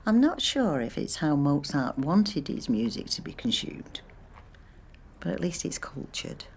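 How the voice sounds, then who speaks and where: A woman's voice: low-pitched, big pitch swings, a little slow, slight background noise, full character voice. An actress playing a chatty, wry woman in her sixties, rambling to herself with dry humour while she waits on a phone call. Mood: wry musing. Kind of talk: film monologue acting.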